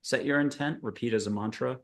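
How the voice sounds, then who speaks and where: A man's voice: medium pitch, a little fast. Man, host, guided meditation, playful and rambling, video call. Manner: playful, punning, rambling guidance. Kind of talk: guided meditation on a panel show.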